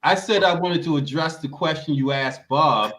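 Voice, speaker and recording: A man's voice: a little high, expressive, moderate pace, a bit bright. Emphatic man in an echoey room. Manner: emphatic, repeats words when starting. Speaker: political commentator. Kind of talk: roundtable discussion. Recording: roomy echo.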